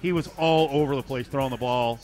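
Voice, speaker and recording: A man hosting a casual sports talk show, brisk and opinionated as he leads the segments. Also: medium pitch, a little mellow, soft background music. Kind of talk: casual sports radio chat.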